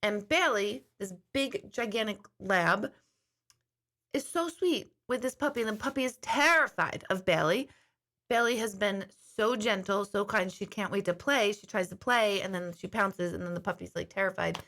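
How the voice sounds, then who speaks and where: Woman, middle-aged, bright sharp voice, casual chat, rambling storytelling. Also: medium pitch, normal speed. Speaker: intuitive host.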